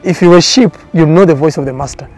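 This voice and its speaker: A man's voice: fairly high pitch, fast, darkish tone, soft background music. A man speaking as a prophet in a documentary interview, giving testimony in an earnest, repetitive preaching cadence.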